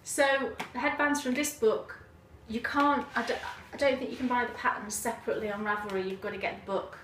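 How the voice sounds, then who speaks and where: A woman's voice: on the high side, fairly even intonation, a bit bright, slight background noise. A woman co-hosting a knitting podcast, chatty and explanatory, talking casually at home. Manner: chatty and explanatory, quick laughs. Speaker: podcast co-host. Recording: roomy audio with the mic some distance away.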